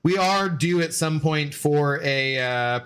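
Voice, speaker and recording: A man's voice: a little high, slow, a bit bright, smooth. A man in his forties streaming a game and rambling through stories in casual chat, loose with fillers and swearing.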